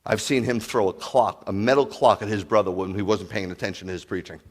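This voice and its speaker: A man preaching to his congregation, animated, telling stories and asking the crowd questions. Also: lowish voice, fairly quick, noisy background. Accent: New York. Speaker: pastor. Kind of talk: sermon to a congregation.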